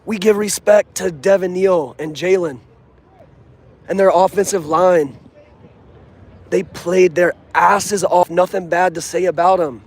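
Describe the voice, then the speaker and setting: A young man talking earnestly and casually about his football team, using street slang, recorded outdoors near a stadium. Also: high-pitched. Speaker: sports fan vlogger. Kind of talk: casual fan vlog.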